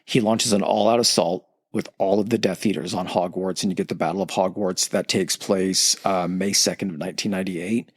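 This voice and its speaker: A man's voice: low-pitched, slightly rough, dry recording, clean studio sound. A podcast host in casual chat, loosely retelling a story and acting out the quotes in his own voice.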